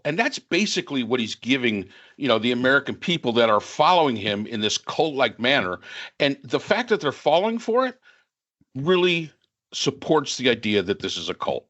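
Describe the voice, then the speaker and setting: A man's voice: medium pitch, sing-song, normal speed, a bit bright. A man talking on a podcast panel in a casual political discussion, opinionated and sarcastic, rambling with restarts. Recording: dull lo-fi sound.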